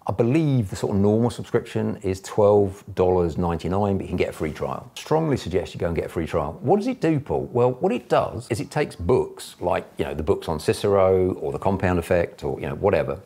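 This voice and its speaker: A man's voice: low voice, expressive, fast talker, creaky, few pauses, dark tone, husky. A man, a business mentor, giving chatty, enthusiastic advice to camera. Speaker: property investor and business mentor.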